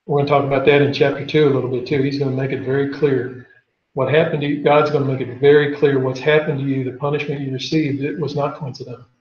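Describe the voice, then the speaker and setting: A man's voice: mid-range voice, flat delivery, quick pace. A man teaching a Bible class, reading scripture aloud and putting questions to his students. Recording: echoey lo-fi room recording.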